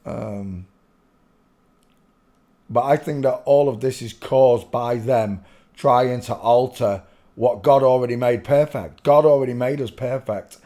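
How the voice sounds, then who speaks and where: A man's voice: mid-range voice, a little slow, dark tone. A man hosting his channel, rambling through casual commentary in a swearing, easily giggling manner. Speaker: channel host.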